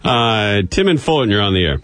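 Brisk, lively radio host. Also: male voice, fairly low pitch, dry recording. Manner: brisk, dry, teasing callers. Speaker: radio talk show host. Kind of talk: call-in show hosting. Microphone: studio microphone.

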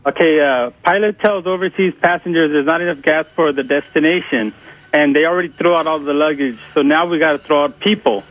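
A man calling in to a radio show and telling a joke haltingly, with fillers. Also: a little high, fairly bright tone. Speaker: caller. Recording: muffled phone line with faint music.

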